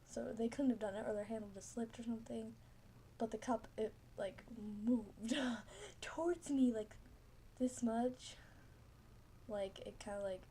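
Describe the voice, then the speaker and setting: Giggly rambling girl, slightly high voice. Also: steady tone, a little slow, pauses often, warm tone, slight background noise. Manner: rambling, giggly, lots of fillers. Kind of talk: casual storytelling to camera.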